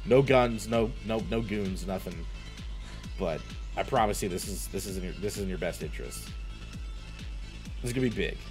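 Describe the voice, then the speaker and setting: A man's voice: low voice, moderate pace, pauses often, over music. A man playing a tabletop role-playing game, talking in character with lots of swearing and stammered repeats. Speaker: player. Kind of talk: in-character role-play, casual.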